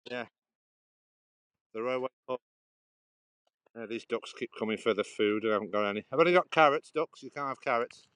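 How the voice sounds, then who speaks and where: A man's voice: mid-range voice, fairly quick, pauses often, a bit bright, smooth, dry recording. A man from Stoke-on-Trent, rambling and laughing as he chats to live viewers on an outdoor canal walk. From Stoke-on-Trent, England. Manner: chatty, rambling, laughs often, answers viewer comments. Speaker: livestream walker. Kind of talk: casual live-stream chat while walking. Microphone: phone held while walking.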